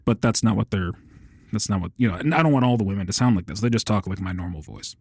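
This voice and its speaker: Lively, laughing male podcast guest. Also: fairly low pitch, fast, breathy edge, no echo, studio quality. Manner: animated, laughing, restarts often. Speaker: podcast guest, game master. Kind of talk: casual chat.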